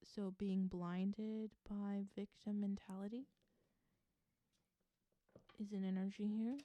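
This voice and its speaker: A woman lays out a tarot reading in a relaxed, musing way, trailing through fillers and soft asides. Her voice is deeply mellow and unhurried. The sound is close and dry. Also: no room sound. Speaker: tarot reader.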